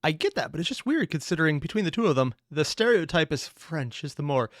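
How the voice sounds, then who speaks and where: A man's voice: fairly high pitch, big pitch swings, quick pace, hardly any pauses, dry recording, clean studio sound. A man in his thirties hosting a reaction video, chatting casually with self-mocking asides. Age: 30s. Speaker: reaction channel host.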